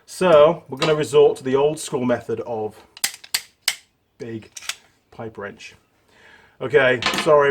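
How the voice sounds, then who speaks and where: A man's voice: medium pitch, background noise. A middle-aged man hosting a workshop repair tutorial, chatting casually and wandering off on stories as he works. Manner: chatty, digressing, self-deprecating. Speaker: mechanic host. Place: home workshop.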